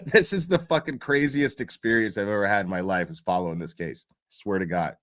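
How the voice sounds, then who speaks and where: A man's voice: fairly low pitch, measured pace, pauses often, a bit bright. A man telling a story in casual chat, swearing constantly, laughing often and restarting his sentences. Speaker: commentary streamer.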